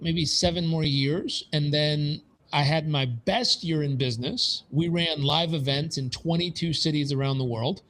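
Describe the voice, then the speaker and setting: A man in his forties tells his business story with animated energy, and his pitch climbs high whenever he quotes himself. His voice sits somewhat high for a man. He talks as a podcast guest in a relaxed, conversational way. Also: poor audio. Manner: animated, rising into quoted dialogue.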